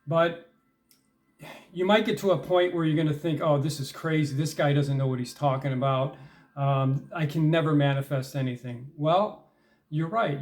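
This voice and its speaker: A middle-aged man explaining techniques in a loose, chatty way, his voice sitting a little higher than most men's. He scatters fillers and asks "okay?" and "right?" as he goes, then pushes harder and louder on the points he cares about. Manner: conversational, many fillers and check-ins like "all right?"; grows emphatic and louder when stressing determination. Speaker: self-help speaker. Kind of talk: casual instructional talk.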